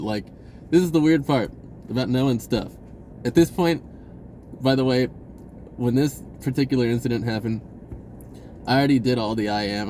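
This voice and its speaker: Laughing often, a man rambles casually through a personal story and performs the voices of the people involved. His pitch is fairly low and mellow, and there's a little hiss or hum.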